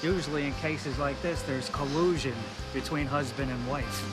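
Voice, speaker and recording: Actor doing a matter-of-fact investigator, mid pitch, loud music behind. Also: male voice, normal speed, lightly acted, poor audio. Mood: explaining.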